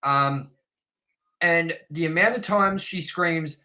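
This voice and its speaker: Bright, animated man reviewing films. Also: a little high, slow pace, rough recording. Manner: blunt, animated, reads trivia aloud. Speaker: podcast co-host. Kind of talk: casual film review chat.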